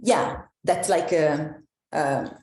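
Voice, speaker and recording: Italian-accented woman coach, lowish voice, loose reflective delivery in an echoey room. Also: takes it slowly, darkish tone. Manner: many fillers and restarts, reflective. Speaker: embodiment coach. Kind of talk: live online talk to a group.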